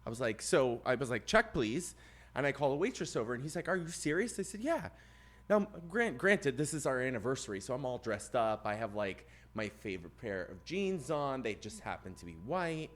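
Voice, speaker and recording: A brisk man with a mid-range voice co-hosts a podcast, telling a long story from his life in casual chat. Animated throughout, he plays out the other people's voices and gets loud at the story's climax.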